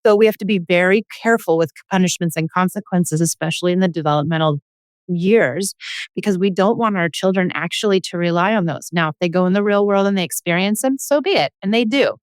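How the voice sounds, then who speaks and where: Direct, low-voiced woman parenting coach. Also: a little fast, no room sound, studio quality. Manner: earnest, direct, acts out scenes with kids. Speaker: parenting coach and podcast host. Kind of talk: coaching conversation.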